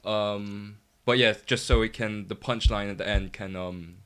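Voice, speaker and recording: A man giving casual, rambling feedback, full of likes and yeahs and quick laughs. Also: lowish voice, steady tone, a bit bright, clean tone. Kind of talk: casual chat.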